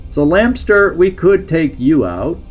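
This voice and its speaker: A man's voice: fairly high pitch, big pitch swings, a little slow, soft background music. A man streaming a strategy game, thinking aloud in a hesitant, musing way as he plans each move. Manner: musing, hesitant, talks himself through plans. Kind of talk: thinking-aloud gameplay commentary.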